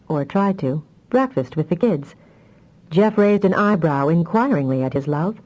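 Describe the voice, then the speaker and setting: A woman narrating a fantasy audiobook in a measured, even storytelling manner. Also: fairly low pitch, lo-fi sound.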